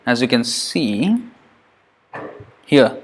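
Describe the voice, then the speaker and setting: In this pronunciation lesson, the Sanskrit teacher stays patient and expressive, slowly voicing and repeating each syllable so the listener catches it. He speaks at a middling pitch, explaining things simply with a few light asides.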